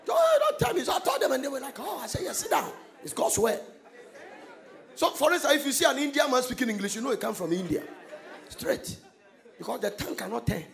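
A man preaching a sermon, swinging between quiet asides and loud, sung-out lines. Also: very high voice, quick pace, vocal fry, long pauses, a faint crowd. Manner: emphatic preaching with sudden shouted, sung-out phrases and laughter. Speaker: pastor.

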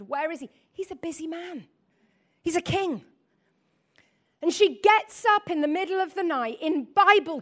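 High-voiced woman preaching with playful humor. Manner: animated, laughing, acts out voices. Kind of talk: lively sermon with humor.

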